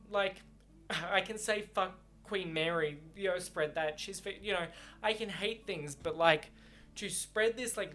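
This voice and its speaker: A man's voice: on the high side, a bit bright. A man reading a novel aloud and reacting to it. He rants, swears freely and talks in fits and starts, and he is choked up and close to tears. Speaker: book reaction vlogger.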